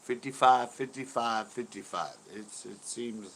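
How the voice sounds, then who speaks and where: A man in his fifties hosting his channel, telling a story in casual chat, animated, laughing often and cursing freely. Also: mid-range voice, measured pace. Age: 50s. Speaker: host.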